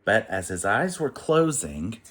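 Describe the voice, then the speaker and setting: Man reading a kids' book aloud, lively sing-song pitch, slow unhurried pace. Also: background noise. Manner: expressive, sing-song rhyming delivery. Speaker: children's book reader. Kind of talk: read-aloud picture book narration.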